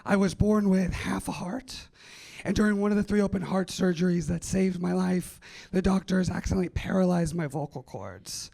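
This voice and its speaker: A man doing a stand-up set on a festival stage, with a raspy, gravelly voice and a dry, self-deprecating delivery. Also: sits high, normal speed, a little mellow. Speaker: stand-up comedian.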